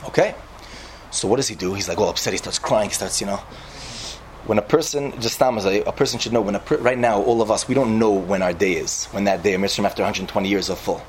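A man delivers an informal sermon to listeners, telling a parable with lively, animated storytelling. He mixes Hebrew and Yiddish words into casual speech. A faint hiss sits under the recording. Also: fairly low pitch, fast talker, poor audio. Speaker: yeshiva speaker.

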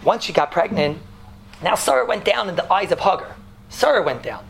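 A man teaching a Torah class as a rabbi, animated and joking, sprinkling his talk with Yiddish and Hebrew terms. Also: high-pitched, a little fast, creaky, a little hiss or hum. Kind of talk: lively Torah lecture.

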